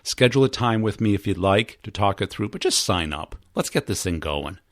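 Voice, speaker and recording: Male podcast host, low voice, animated storyteller who acts out quotes, dry close recording. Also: fairly quick, no room sound. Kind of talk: podcast storytelling and sales pitch.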